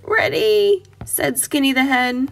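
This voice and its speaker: A woman reads a children's story aloud with a playful, rhythmic, sing-song lilt. Her voice is high, breathy and lively, and it moves at a very slow pace. Soft music plays underneath. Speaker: picture-book reader.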